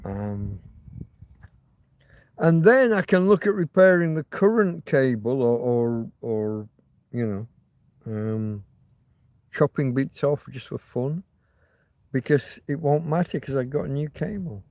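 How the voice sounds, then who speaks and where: A man's voice: medium pitch, slow, long pauses, darkish tone, no echo. A man hosting a casual livestream, rambling, swearing freely and reading out viewer comments. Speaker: livestream host.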